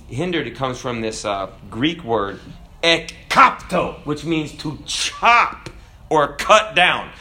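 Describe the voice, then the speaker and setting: A man preaching a sermon in an animated, emphatic way. He talks conversationally and keeps asking his listeners questions. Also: mid-range voice. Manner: animated, emphatic, acts out voices; conversational, asks the audience questions.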